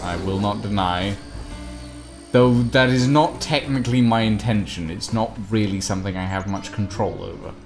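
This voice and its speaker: A man streaming a game and chatting casually with viewers, self-mocking, reacting out loud. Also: on the low side, moderate pace. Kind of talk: casual gameplay commentary. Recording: game music underneath.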